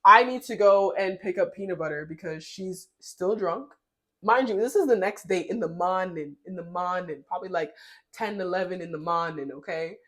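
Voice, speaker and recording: Young female storytime vlogger, candid and lively, chatting while baking. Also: lowish voice, moderate pace. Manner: animated, laughing, slangy and candid. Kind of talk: casual storytelling. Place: home kitchen while baking.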